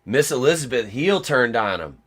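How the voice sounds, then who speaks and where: A man's voice: medium pitch, big pitch swings, moderate pace. Host: casual, rambling storyteller, a man with a mid-range voice. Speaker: podcast host. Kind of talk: casual chat.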